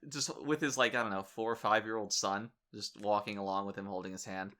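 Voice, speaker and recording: A man hosting a casual podcast chat, telling animated stories with crude, irreverent humor. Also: fairly low pitch, fairly quick, few pauses. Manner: animated storyteller, acting out quoted people. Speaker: podcast host.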